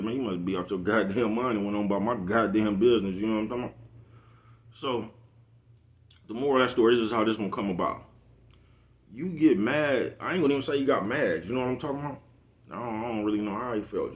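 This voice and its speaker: A man, talking casually to camera, rambling, repeating "you know what I'm talking about" and laughing at his own jokes. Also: fairly low pitch. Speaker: vlogger. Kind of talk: casual monologue.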